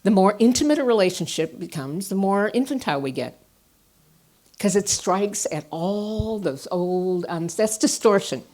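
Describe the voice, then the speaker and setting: A woman therapist giving a conference talk, telling personal stories with animated swings from quiet asides to emphatic bursts. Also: medium pitch, normal speed. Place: stage at a conference.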